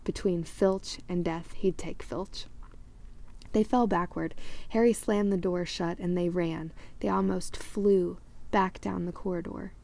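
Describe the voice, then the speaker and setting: A woman reading a children's fantasy novel aloud, lively and correcting small slips as she goes. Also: fairly low pitch, unhurried, vocal fry. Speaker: audiobook reader. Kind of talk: storybook read-aloud narration.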